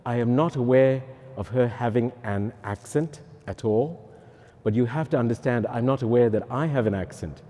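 A middle-aged man, a priest, giving a personal testimony in lively storytelling style with self-mocking humorous asides. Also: medium pitch, moderate pace. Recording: echoey hall.

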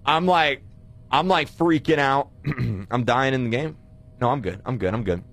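A man streamer recapping an event in a rambling, excitable way, with bursts of shouting. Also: medium pitch, moderate pace.

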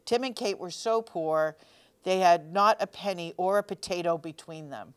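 Smooth low-voiced woman reading a storybook. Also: moderate pace. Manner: gently expressive, asks the listeners questions. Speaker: storytime reader. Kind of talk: children's picture book read-aloud.

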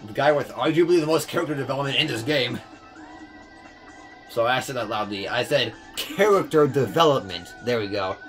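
A young man giving casual gameplay commentary, fast-talking, swearing, often stumbling over words. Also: mid-range voice, fairly bright tone, soft background music. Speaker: let's player.

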